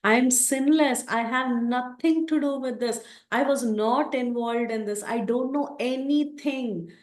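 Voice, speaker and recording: A woman's voice: on the high side, measured pace, darkish tone, pitched above the performer's own voice, natural voice. A woman voicing an anguished young prince who pleads his innocence in a raised, urgent voice, recorded in a roomy space. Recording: roomy echo.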